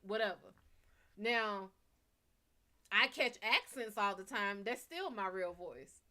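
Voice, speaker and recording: A young woman with a Bayou accent, talking in a blunt, profane, animated way on a casual live stream. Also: slow pace. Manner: blunt, animated and profane, swinging from loud to low. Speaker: live stream reader and host.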